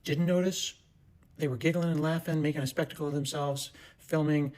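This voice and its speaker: Disapproving man, dry commentary, slightly high voice. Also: fairly even intonation, brisk, darkish tone, low-quality recording. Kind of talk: casual commentary.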